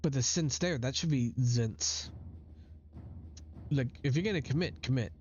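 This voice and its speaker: A man's voice: medium pitch, quick pace, darkish tone, breathy edge. A man playing a video game who reads the dialogue aloud and nitpicks it in casual commentary. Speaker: gamer. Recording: dull lo-fi recording with faint game music.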